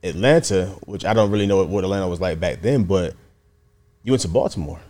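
A man hosting a casual interview, chiming in with quick affirmations and probing questions. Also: low-pitched, a little mellow. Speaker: host.

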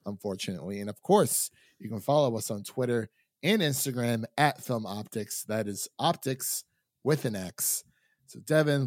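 A man's voice: on the low side, darkish tone, no room sound, clean studio sound. A young man from Ohio hosts a casual podcast, chatty and laughing often, with frequent fillers. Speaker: podcast host.

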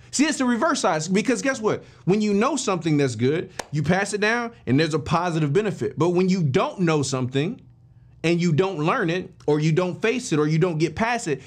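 A male podcast host with a fairly high voice that swings widely in pitch as he tells a motivational story. He talks emphatically and informally, often restarting his phrases. He speaks straight to his listeners as if chatting with them. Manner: animated, addresses listeners directly and informally; emphatic with frequent restarts and fillers.

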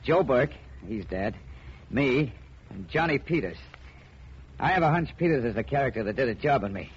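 A battered card sharp, played by a man, stammers out slangy pleas for help. The sound is a muffled old radio broadcast. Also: mid-range voice, expressive, normal speed, a little hiss or hum, lightly acted. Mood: pleading. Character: battered male card sharp, nervous and pleading. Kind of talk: 1940s radio acting.

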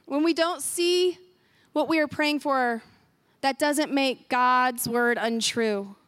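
Woman, pastor, high voice, emphatic sermon, repeats phrases, church. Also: slow, a bit bright, no echo. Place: church sanctuary.

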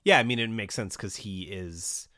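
A young adult man co-hosting a podcast, chatting casually in a laid-back, agreeable way with quick jokes. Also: fairly low pitch, sharp tone, no room sound, studio quality. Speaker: podcast co-host. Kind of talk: casual recap chat.

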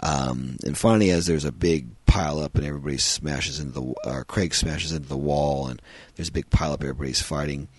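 A man's voice: very deep voice, steady tone, fast talker, no room sound. A man hosting a podcast, reviewing a film in a rambling, casual way with frequent ums and uhs.

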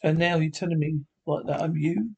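A troubled young android in a 1950s TV drama who refuses to believe he is not human. He sounds shaken and disbelieving, with a slightly high, fairly flat voice. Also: a little fast, creaky, husky, highs cut off.

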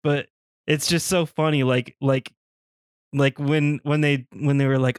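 A man co-hosting a podcast in casual chat, relaxed and repeating himself as he trails off. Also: mid-range voice, measured pace, smooth, no echo, studio quality. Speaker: podcast co-host.

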